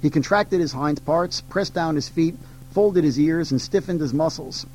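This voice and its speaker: A teacher reads literature passages aloud in class, and between passages he talks with ums and restarts. His voice is on the high side with a darkish tone and a normal pace. The audio is poor, with slight background noise.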